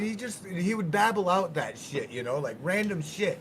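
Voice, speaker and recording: A man chatting casually on a livestream, telling stories with lively quoted voices. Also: sits high, normal speed, slight background noise. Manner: storytelling, animated when quoting others. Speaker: streamer. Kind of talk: casual chat.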